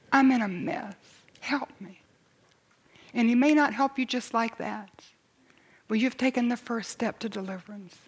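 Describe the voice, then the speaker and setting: A woman preaching a sermon to a congregation in church, building to loud cries and dropping to near whispers. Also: on the high side.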